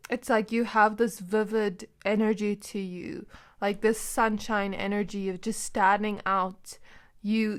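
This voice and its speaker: A woman giving a casual pick-a-card tarot reading, chatty and giggly, who laughs often and fills her talk with "like". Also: mid-range voice. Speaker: tarot reader.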